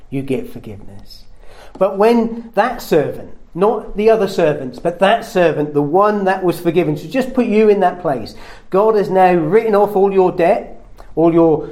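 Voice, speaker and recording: Earnest male preacher with a mellow voice. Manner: earnest, rises in pitch and volume at emphatic points. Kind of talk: sermon.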